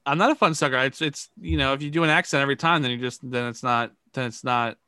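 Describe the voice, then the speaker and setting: Male improv teacher, casual, rambling explainer; bright forceful tone, dry recording. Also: mid-range voice, quick pace, clear, resonant tone, dry recording. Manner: rambling explanations, many restarts. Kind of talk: casual improv practice chat.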